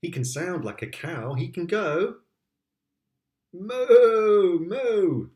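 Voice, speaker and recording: A man's voice: on the high side, sing-song, moderate pace. A British man, a father, reading picture books aloud to his child, playful and sing-song, with sound effects.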